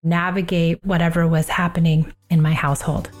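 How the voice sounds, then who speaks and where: A woman who is a parenting coach and host, talking through personal advice in a calm, unhurried, reflective way. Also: on the low side, soft background music.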